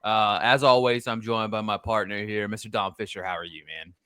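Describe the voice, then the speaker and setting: A man's voice: on the low side, fairly even intonation, brisk, bright, forceful tone, clean tone, no echo, clean studio sound. A man hosting a podcast in casual chat, rambling and repeating himself. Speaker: podcast host.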